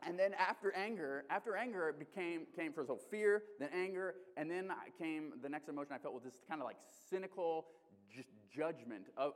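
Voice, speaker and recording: Alaskan male preacher in a reverberant hall. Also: on the high side. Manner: conversational and animated, with frequent restarts and fillers. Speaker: pastor. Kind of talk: sermon.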